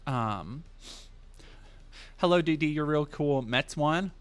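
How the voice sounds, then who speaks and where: A man's voice: on the high side, expressive, slow, smooth. A man from the United States hosting a livestream, talking casually in a rambling, profane way with many fillers and restarts. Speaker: livestream host.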